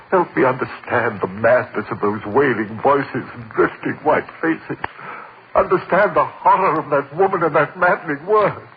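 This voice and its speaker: A man's voice: mid-range voice, a little hiss or hum. An actor playing a haunted lecturer who narrates his slide into madness, intense and frantic, in 1940s radio drama style. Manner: intense, breaking into frantic cries. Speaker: narrator and lead. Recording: muffled old radio recording.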